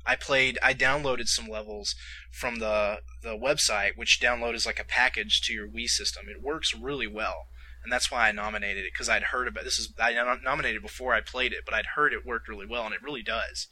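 Guy with a really bright voice chatting on a podcast, rambles and corrects himself a lot. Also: lowish voice, steady tone, a little fast, breathy edge, poor audio. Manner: rambling, self-correcting, amused. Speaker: podcast co-host. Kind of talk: casual chat.

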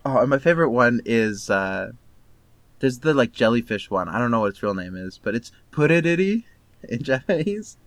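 A man with a middle-pitched voice chats on a podcast in an animated, excitable way. He swears freely, and the recording sounds dry and close. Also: fairly quick, no echo. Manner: animated, swears freely, laughs between words. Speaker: podcast co-host. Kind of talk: casual chat.

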